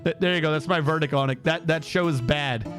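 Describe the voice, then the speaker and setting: A man's voice: a little high, a little fast, a bit bright, soft background music. A man streaming a game, chatting casually in a rambling, incredulous way, with lots of restarts and asides.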